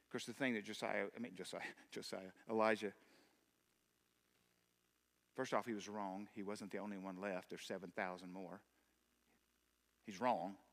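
A man's voice: lowish voice, fairly even intonation, moderate pace, gravelly, long pauses. A man, a pastor, giving an emphatic, impassioned sermon. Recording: long hall reverb.

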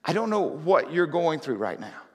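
A man preaching a conversational sermon as pastor, often rising to loud, fervent scripture reading. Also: a little high, sing-song, normal speed, husky. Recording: reverberant hall.

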